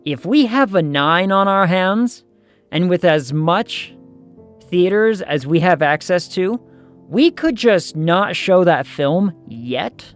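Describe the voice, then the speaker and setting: A man's voice: high voice, expressive, takes it slowly, clean tone, faint music behind. A man streaming a management game, chatting casually and thinking aloud as he plays.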